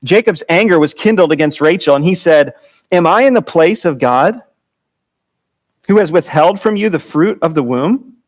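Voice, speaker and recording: A male pastor teaching from scripture in a relaxed, conversational sermon. His voice sits a little high for a man. He often chuckles and breaks off to restart his sentences. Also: normal speed. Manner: informal, chuckling, frequent fillers and restarts.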